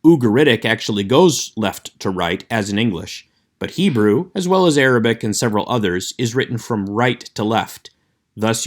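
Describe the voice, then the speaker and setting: A man teaching an online Hebrew class, explaining letters in a clear, measured way and slowing down to demonstrate sounds. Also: fairly low pitch. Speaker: Hebrew instructor. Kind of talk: recorded online lecture.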